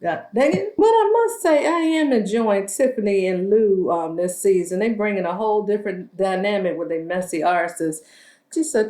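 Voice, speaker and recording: A woman's voice: medium pitch, expressive, moderate pace, warm tone. A woman giving a casual, sassy recap of a reality show, gossiping and acting out what the cast said. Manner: sassy, gossipy, acts out quotes in shifting voices. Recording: roomy echo.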